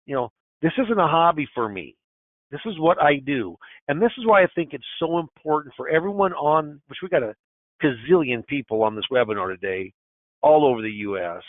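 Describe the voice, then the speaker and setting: A man's voice: on the high side, expressive, a little fast, no room sound. Folksy man over a tinny line. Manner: emphatic, folksy, repeats and restarts phrases. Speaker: financial advisor presenting a webinar. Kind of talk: webinar presentation.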